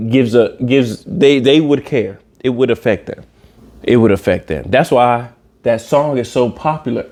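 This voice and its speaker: A man hosting a reaction video, giving casual comedic commentary with animated, emphatic outbursts. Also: medium pitch, normal speed.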